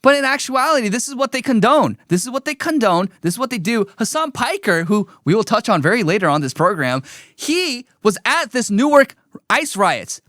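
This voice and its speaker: A man's voice: extremely high pitch, sing-song, moderate pace, fairly bright tone, dry recording, studio quality. A man hosting a livestream, commenting on a clip in an emphatic, scornful and repetitive way. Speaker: host.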